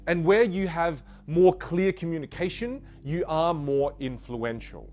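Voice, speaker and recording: A man teaching a communication lesson, energetic and full of rhetorical questions. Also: on the high side, unhurried, faint music behind. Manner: energetic, rhetorical questions, demonstrates trailing off and fillers. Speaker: communication coach. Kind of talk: instructional lesson.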